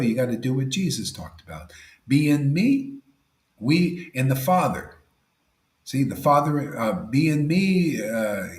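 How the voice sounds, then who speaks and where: A man preaches a devotional talk in a lively, up-and-down voice that sits a little high. He talks casually, tossing in 'see' and 'man', and drops from loud emphasis to near-whispers. The room is echoey. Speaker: spiritual teacher. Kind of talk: devotional sermon.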